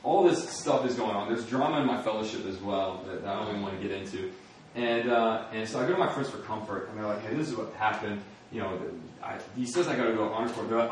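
A young man telling a personal story with lively retellings of scenes and frequent laughter. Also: on the low side, fast, a little hiss or hum. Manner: animated storyteller, acting out scenes, laughing often. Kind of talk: personal testimony. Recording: echoey room from far off.

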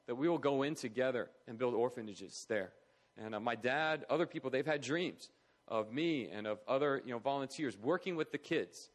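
A man preaching a sermon in an earnest, conversational way, with fillers and restarts. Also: medium pitch. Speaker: preacher for an orphan charity.

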